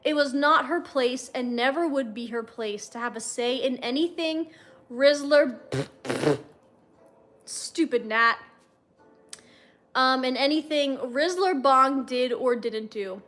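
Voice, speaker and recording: Brief: young woman, high voice, casual livestream read-aloud with wry asides. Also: takes it slowly, pauses often, fairly bright tone. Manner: chatty, wry comments between passages. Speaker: livestream host reading fanfiction.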